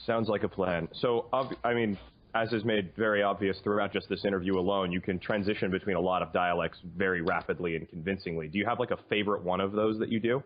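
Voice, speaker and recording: A man's voice: sits low, fairly even intonation, fast, highs cut off. A man who wants to become a voice actor, asking earnest interview questions.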